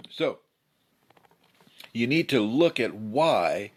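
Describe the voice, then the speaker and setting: A man giving a casual spiritual talk, slightly hoarse, who acts out angry people with sudden shouts. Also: medium pitch. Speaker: spiritual teacher. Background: a pet bird fluttering.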